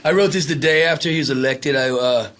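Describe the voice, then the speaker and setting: A man appearing as a musician guest on a comedy podcast, talking in a low, mumbling, profane way. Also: fast talker, a bit bright. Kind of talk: casual chat.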